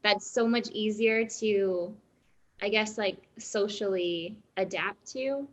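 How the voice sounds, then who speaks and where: A young adult woman, a guest athlete in a casual interview, talking in an animated, chatty way full of fillers. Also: mid-range voice, slow.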